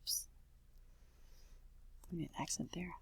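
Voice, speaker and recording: A woman's voice: a little slow, fairly bright tone, in a whisper. A woman French teacher talking casually through a worksheet, correcting herself and saying oops as she goes. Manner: chatty, self-correcting, says oops often.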